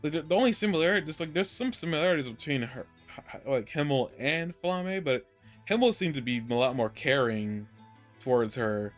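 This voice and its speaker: A man's voice: a little high, expressive, brisk, faint music behind. A man co-hosting a podcast, talking through an anime episode in a rambling way, full of restarts and easy laughter. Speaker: podcast co-host. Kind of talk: casual anime review chat.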